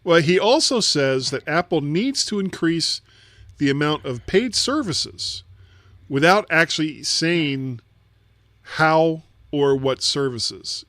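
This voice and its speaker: A man's voice: on the high side, expressive, slow pace, fairly bright tone, no echo, studio quality. A man co-hosting a casual tech podcast, explaining at length and often repeating words as he thinks. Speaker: podcast co-host.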